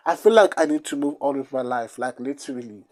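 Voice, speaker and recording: Young South African vlogger, casual storytime, rambly and repetitive, mid-pitched voice. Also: a little fast, darkish tone. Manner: rambling, repeats phrases for emphasis. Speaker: YouTuber.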